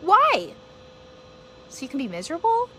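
A woman's voice: fairly high pitch, expressive, moderate pace, a bit bright, slight background noise. A woman hosting a casual live-stream podcast, rambling earnestly and encouraging her listeners as a mother sharing her thoughts.

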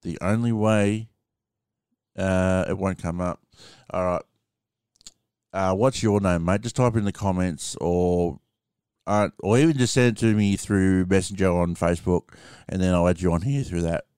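A man's voice: low voice, steady tone, a little slow, darkish tone, smooth, no echo, studio quality. An Australian man hosting a live stream, chatting casually with callers and swearing freely.

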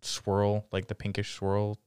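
Soft-spoken man with a low, smooth voice. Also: completely flat delivery, takes it slowly, no room sound. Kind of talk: casual chat.

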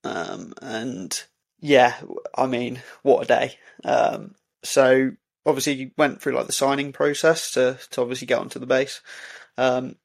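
A man, a podcast co-host, telling a story in casual chat, halting with many fillers and restarts. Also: medium pitch, steady tone, creaky. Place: indoor recording for podcast.

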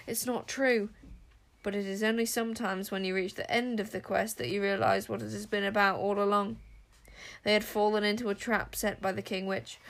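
A woman narrating a storybook with an expressive, dramatic delivery. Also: medium pitch. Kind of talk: storybook reading.

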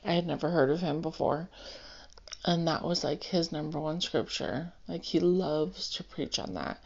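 A woman's voice: sits low, animated, normal speed, gravelly. A woman sharing a personal Christian testimony, earnest and rambling with many fillers, seated indoors. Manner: emotional, close to tears. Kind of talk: personal testimony, casual storytelling. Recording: dull, lo-fi home recording.

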